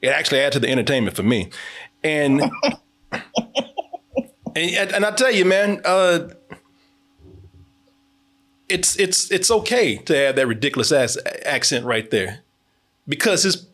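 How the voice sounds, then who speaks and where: A man hosting a casual movie commentary podcast, animated, joking and profane. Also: fairly high pitch, measured pace, pauses often. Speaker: podcast host.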